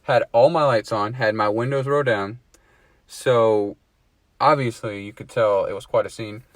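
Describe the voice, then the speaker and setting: A man's voice: lowish voice, steady tone, moderate pace, no echo. A man telling a story to a friend in a casual chat, swearing freely and laughing at himself. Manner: swears a lot, laughs at his own story.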